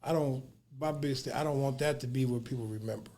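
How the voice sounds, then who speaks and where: A man's voice: mid-range voice, fast, warm tone, a little hiss or hum. A man hosting a podcast, talking casually and reflectively, restarting phrases as he thinks, with slang like "bruh". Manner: reflective, repeats words as he searches. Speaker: podcast host. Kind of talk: casual conversation.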